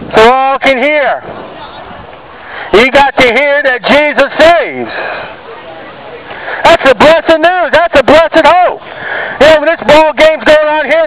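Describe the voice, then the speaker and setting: A man preaching loudly on the street at a market, fervent and arguing with passersby. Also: very high voice, slight background noise, poor audio. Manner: shouting, fervent, argues with passersby. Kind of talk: loud open-air preaching. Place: outdoors at a market.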